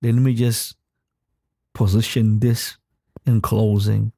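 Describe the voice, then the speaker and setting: A man delivers a sermon as a pastor, reading scripture at an unhurried pace. His voice is mellow and relaxed, and each phrase lands deliberately. The recording is dry and close, with no room sound. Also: lowish voice, gravelly, no room sound. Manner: deliberate, measured reading with emphatic repetition.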